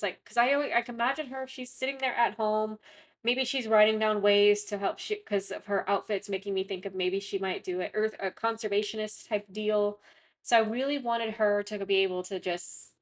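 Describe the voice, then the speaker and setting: Young woman rambling through game commentary, kinda high voice, lots of ums and restarts. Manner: rambling, chatty, frequent self-corrections and fillers. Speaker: gaming content creator. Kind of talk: casual gameplay commentary.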